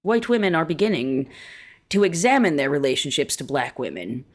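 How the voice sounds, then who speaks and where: A woman reads an essay aloud in a lower-pitched voice with a wide, expressive range. She keeps a measured, deliberate pace and slows down to stress key words. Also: slightly rough. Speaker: reader of an essay.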